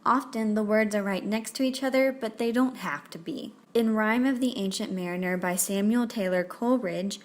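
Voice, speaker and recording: A woman narrating a scripted lesson on poetry, reading examples aloud slowly. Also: medium pitch.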